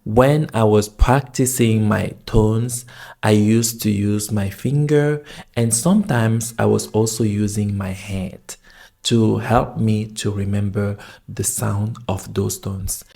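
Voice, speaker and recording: A man who learned Chinese as a foreign language, teaching its tones in a slow, demonstrative video lesson. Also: fairly low pitch, steady tone, creaky, mellow. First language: not Chinese; learned Chinese as a foreign language. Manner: slow, demonstrative, drawing out tone examples.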